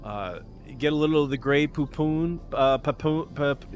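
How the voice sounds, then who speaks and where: A man's voice: a little high, normal speed, highs cut off, faint music behind. Rambling, joking male livestream host. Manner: rambling, joking and self-deprecating, with casual swearing. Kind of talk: casual cooking-show chat.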